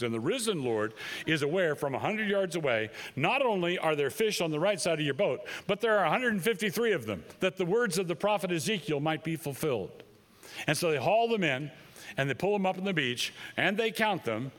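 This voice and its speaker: Male preacher mid-sermon; animated, slightly high delivery, hammers points by repeating them. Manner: emphatic, repeats phrases for stress. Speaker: pastor.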